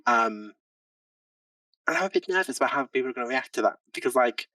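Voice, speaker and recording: A man chats casually on a podcast as a guest, self-deprecating and full of likes and ums. His voice sits at a middle pitch. He sounds a little back from the mic in a dry room. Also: animated, fairly quick, bright, forceful tone, no echo, recorded from a distance, rough recording. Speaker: tabletop game player and podcast guest.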